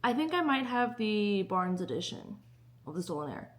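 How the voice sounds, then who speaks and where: A woman's voice: mid-range voice, very animated, normal speed. A young woman chatting casually in a book vlog, bubbly and giggly. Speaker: book vlogger.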